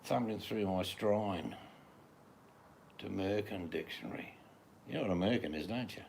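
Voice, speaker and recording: A man's voice: fairly low pitch, normal speed, gravelly, a little mellow, a little hiss or hum. An older man with an Australian accent, chatting casually in a laid-back, slang-filled drawl outdoors in his garden. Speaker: vlogger. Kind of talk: casual vlog chat.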